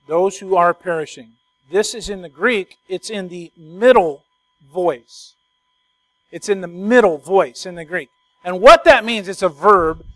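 A man preaching a sermon, explaining a verse and stressing key words slowly and emphatically. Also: high-pitched, low-quality recording. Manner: builds from quiet storytelling to loud emphatic preaching.

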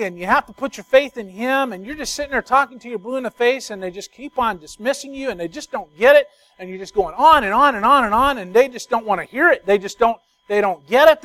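A man preaching a sermon, explaining a verse and stressing key words slowly and emphatically. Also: very high-pitched, low-quality recording. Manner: builds from quiet storytelling to loud emphatic preaching.

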